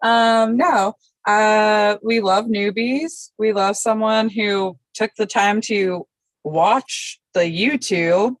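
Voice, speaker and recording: A woman's voice: medium pitch, slow, no room sound, poor audio. A woman on a casual panel, giggling often and teasing, with a casual swear now and then. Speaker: panelist assessing new cast.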